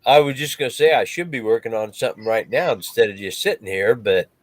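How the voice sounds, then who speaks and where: A man chatting casually on a video call, halting and correcting himself as he talks. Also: on the low side, expressive, no echo. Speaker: guest. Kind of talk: casual chat.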